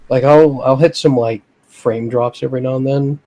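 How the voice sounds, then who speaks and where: A man co-hosting a casual gaming podcast, giving relaxed opinions full of fillers. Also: mid-range voice, normal speed, few pauses, poor audio. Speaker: podcast co-host.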